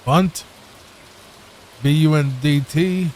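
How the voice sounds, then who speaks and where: A man hosting a calm sleep-aid gameplay video, reading on-screen text softly and adding wry asides. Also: a little high, slight background noise. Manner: soft, unhurried, reads on-screen text aloud and adds wry asides. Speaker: gaming channel host.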